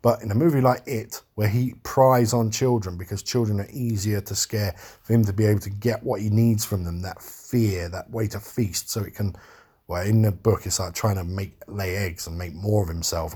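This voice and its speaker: A man's voice: on the low side, a little mellow, slightly rough. A man giving a casual, rambling film review, talking frankly and swearing freely.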